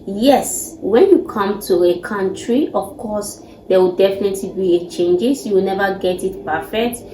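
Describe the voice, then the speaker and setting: A woman's voice: mid-range voice, moderate pace, mellow, roomy sound, slight background noise, low-quality recording. A woman host from Ghana gives earnest, advising commentary to the camera. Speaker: channel host.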